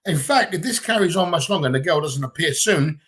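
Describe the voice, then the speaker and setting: Man, Gibraltarian accent, casual livestream chat, blunt, sweary, slightly high voice. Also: lively intonation, a little fast, fairly bright tone, slightly rough. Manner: blunt, swears freely, chatty. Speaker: livestream co-host. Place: at home.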